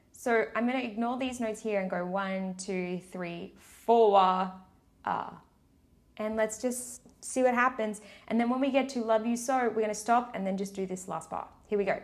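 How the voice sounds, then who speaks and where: A woman's voice: medium pitch, moderate pace. A woman with a slight accent giving a patient, encouraging singing lesson, counting beats aloud as she teaches. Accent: non-native English accent. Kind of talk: step-by-step vocal tutorial. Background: piano chords.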